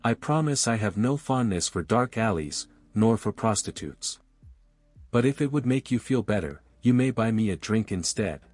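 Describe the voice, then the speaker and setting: Brief: man doing a gravel-voiced, low Slavic-accented seducer, formal and teasing, audiobook. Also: expressive, normal speed, a little mellow, no echo, faint music behind. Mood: teasing, seductive. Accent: faint Slavic accent. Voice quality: rough, gravelly, rumbling. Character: seductive dark-haired stranger, large, gravel-voiced, amused.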